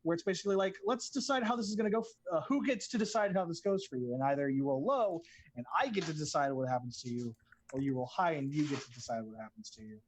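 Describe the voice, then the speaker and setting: A man's voice: a little high, fast talker, a little hiss or hum, rough recording. A man who designs tabletop games, explaining his rules and plugging updates in a rambling, casual way. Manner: rambling, many ums and restarts. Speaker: game designer and guest game master. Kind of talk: casual chat, promoting a game.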